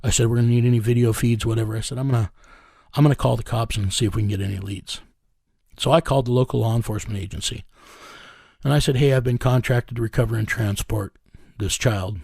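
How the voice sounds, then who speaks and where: A middle-aged man recounts a hard case in casual interview talk. He is blunt and profane, and he chuckles through the story at a middling pitch. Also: fairly even intonation, fast, gravelly, darkish tone, breathy edge, no echo, clean studio sound.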